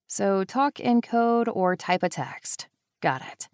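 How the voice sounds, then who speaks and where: A woman narrating a first-person thriller audiobook, with wry, deadpan asides. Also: mid-range voice, slow, clear, resonant tone, dry recording, clean studio sound.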